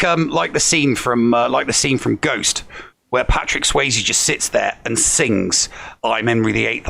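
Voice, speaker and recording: Gravelly, bright-voiced man chatting. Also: medium pitch. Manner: hesitant, filler-heavy, jokey. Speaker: podcast co-host. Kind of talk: casual chat.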